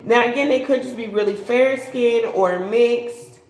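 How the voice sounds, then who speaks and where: A woman's voice: a little high, unhurried, darkish tone, echoey room, low-quality recording. A woman giving a casual live tarot reading, chatty and slangy, laughing and swearing as she talks. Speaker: tarot reader.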